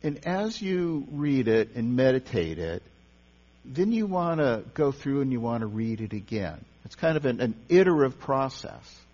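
A pastor or teacher leading a church service gives a conversational sermon on meditation, often repeating words and restarting phrases as he teaches. His medium-pitched voice is sing-song, a little mellow, and moderately paced. The recording is dull and lo-fi, with long hall reverb and mains hum.

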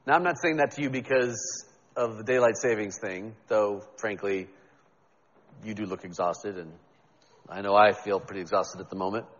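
A man's voice: lowish voice, moderate pace, a bit bright. Man, pastor, conversational sermon, self-deprecating, long church reverb, slightly dull sound.

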